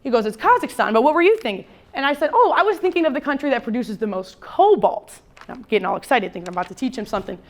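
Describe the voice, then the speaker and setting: Animated young woman telling a story. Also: on the high side. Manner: animated, comic storytelling with quick asides. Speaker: service member speaking at an event. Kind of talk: storytelling speech to an audience.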